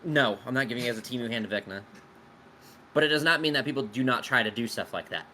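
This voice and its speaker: A man's voice: mid-range voice, expressive, quick pace, sharp tone, a little hiss or hum. A man running a tabletop game as game master, casually explaining his world to players with lots of fillers and some swearing. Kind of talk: answering player questions out of character.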